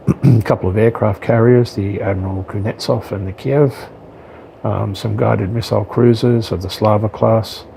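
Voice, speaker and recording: A man's voice: fairly low pitch, steady tone, measured pace, gravelly, dark tone, slight background noise, low-quality recording. A man giving casual unboxing commentary on his miniatures, hesitant, with frequent ums and self-corrections. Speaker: wargaming hobbyist reviewing miniatures.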